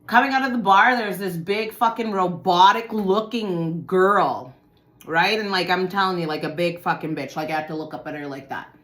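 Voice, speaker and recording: A woman telling a personal story to her viewers in casual talk, swearing often and swinging from low muttering to loud outbursts. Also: moderate pace.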